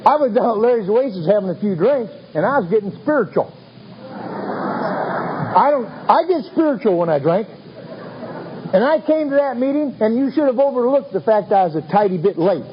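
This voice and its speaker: A man's voice: high-pitched, animated, normal speed, pauses often, a little hiss or hum. A man telling his recovery story to a meeting in a wry, self-mocking, folksy way. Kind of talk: humorous storytelling talk. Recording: dull lo-fi recording with faint ambience.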